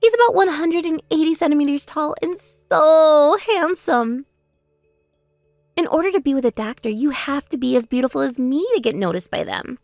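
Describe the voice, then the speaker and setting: A woman's voice: high voice, lively intonation, normal speed, darkish tone, no room sound, studio quality. A woman voicing a spoiled younger sister who boasts and mocks in a text-message story drama. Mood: gloating. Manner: mocking, taunting, gloating.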